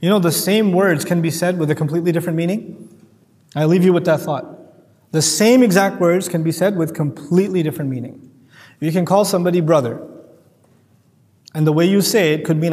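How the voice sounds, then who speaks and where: A man giving a lively Quran commentary lecture, acting out voices and quoting Arabic verses. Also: a little high, a little fast, long pauses, big-room sound. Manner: animated, acts out voices and quotes Arabic verses. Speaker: Quran teacher.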